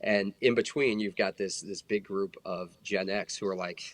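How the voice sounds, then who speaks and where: A man's voice: sits low, fairly even intonation, moderate pace. A man in his forties, a former federal agent, talking earnestly in a casual podcast conversation with many fillers. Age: 40s.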